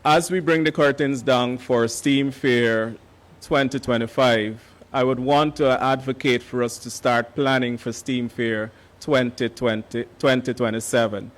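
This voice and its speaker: A man gives formal remarks at a ceremony, his voice hoarse. He speaks in a measured way with frequent "uh" fillers, and he stands a little back from the microphone in a conference hall. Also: medium pitch, steady tone. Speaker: education official giving remarks.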